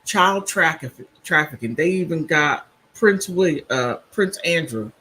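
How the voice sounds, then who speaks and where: Husky-voiced man hosting a chatty livestream. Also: fairly high pitch, lively intonation, measured pace, sharp tone, rough recording. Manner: chatty, rambling, reacts to viewer comments. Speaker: live-stream host. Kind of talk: casual live-stream commentary. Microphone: computer mic on a streaming app.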